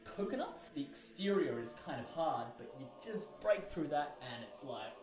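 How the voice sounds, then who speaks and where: Chatty man with a fairly high voice. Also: lively intonation, moderate pace, roomy sound, a crowd in the background. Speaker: vlogger, English teacher in Russia. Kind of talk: casual explanatory vlog.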